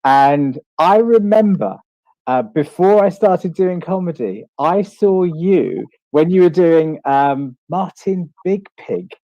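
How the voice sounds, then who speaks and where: A man hosting a casual online interview with a fairly high voice. He talks eagerly and trips over his words, restarting often. The sound is dry and close, with no room around it. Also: expressive, no echo, highs cut off. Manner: halting, full of restarts and laughs. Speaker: co-host and interviewer.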